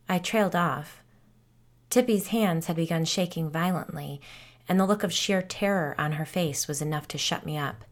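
A woman podcast host narrating a first-person story in a steady, conversational storytelling way. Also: lowish voice, moderate pace.

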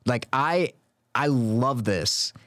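A man in his thirties talks in a casual podcast chat, with his pitch rising and falling in a lively swing. He teases and jokes his way through the conversation, and the sound is close and dry, with no room echo. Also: extremely slow. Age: 30s. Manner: playful, teasing, laughs often. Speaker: podcast co-host.

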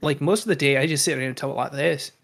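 A man's voice: mid-range voice, racing, creaky, fairly bright tone. A man in casual podcast chat, rambling with lots of fillers and casual swearing.

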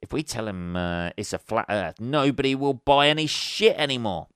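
Sarcastic, sweary podcast host, smooth voice. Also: male voice, mid-range voice, expressive, normal speed, a bit bright, dry recording, clean studio sound. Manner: laughs at his own jokes. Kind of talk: casual solo monologue.

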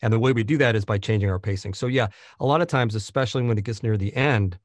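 Male audiobook narrator as a guest, fairly low voice, dry close sound, reflective and halting. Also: no room sound. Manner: thoughtful, many restarts and fillers. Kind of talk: conversational interview.

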